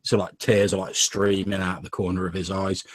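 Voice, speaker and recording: A man running a tabletop game narrates in a loose, casual way, peppered with fillers. His voice is on the low side, recorded dry and close. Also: little pitch movement, normal speed, no echo. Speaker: game master.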